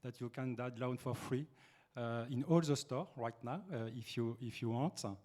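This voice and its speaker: A man with a French accent presenting on a business panel, speaking halting English as he searches for words. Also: medium pitch, fairly even intonation, a little mellow.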